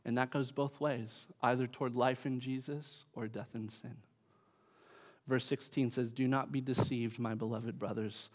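Guy preaching a sermon, emphatic, medium-pitched voice, gets loud then drops back. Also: little pitch movement, unhurried. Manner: emphatic preaching, rising and falling in force. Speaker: pastor.

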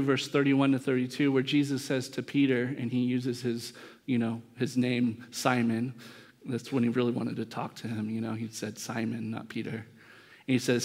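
A male pastor preaching a sermon in a conversational way, acting out the quoted speakers as short bits of dialogue. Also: medium pitch.

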